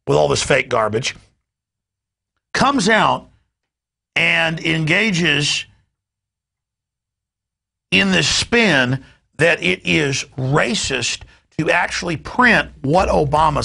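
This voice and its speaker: A man's voice: fairly high pitch, animated, slow, creaky, pauses often, bright, forceful tone, husky. A man hosting a talk show, delivering an emphatic and indignant political rant. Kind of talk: ranting political commentary.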